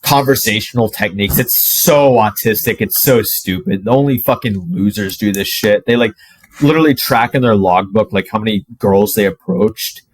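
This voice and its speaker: A low-voiced man in his twenties talks straight to camera, swearing freely and leaning on "like". The sound is close and dry, with no room around it. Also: moderate pace, no room sound. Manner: profane, animated, heavy use of "like". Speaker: fitness coach. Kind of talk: casual storytelling to camera.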